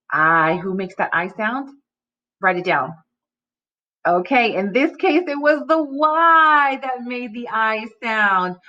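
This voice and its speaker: A woman teacher giving a recorded phonics lesson to young children, speaking slowly and articulating every sound clearly. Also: medium pitch, lo-fi sound.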